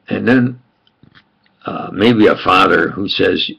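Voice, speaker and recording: An older man with a thick New York accent reminisces aloud, his voice heavy with gravel and a husky edge. He wanders and repeats himself, Italian his first language. The recording is dull and lo-fi. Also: fairly low pitch, expressive, slow, fairly bright tone. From New York, USA. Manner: meandering, repeats himself, chuckles while reminiscing. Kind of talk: rambling personal monologue.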